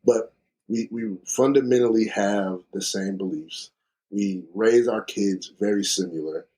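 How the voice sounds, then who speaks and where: A man's voice: fairly low pitch, measured pace, dark tone. A man hosting a podcast, talking reflectively and thinking aloud in casual conversation. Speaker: podcast host.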